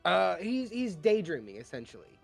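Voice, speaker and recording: Male player, slightly high voice, rambling laid-back chatter, faint music behind. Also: sing-song, normal speed, creaky. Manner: loose, rambling, fillers and laughs. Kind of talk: casual chat at a game table.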